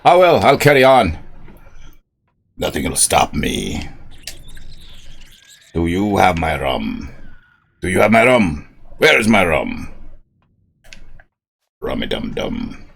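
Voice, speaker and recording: A man's voice: very deep voice, very animated, slow pace, gravelly, long pauses, a bit bright, slight background noise, heavily acted. A man voicing a drunk male space pirate hunting for rum, with a put-on Scottish brogue that drifts toward Irish, blustering and swaggering. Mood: demanding.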